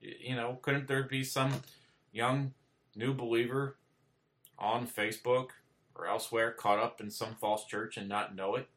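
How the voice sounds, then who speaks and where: A man's voice: medium pitch, little pitch movement, unhurried, fairly bright tone. A man giving an informal sermon to camera, earnest and plainspoken, checking in with "okay?" and rising to emphatic repetitions. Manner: earnest, repeats "okay?" often, restarts, rises to emphatic peaks. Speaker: preacher. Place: indoors, speaking to camera.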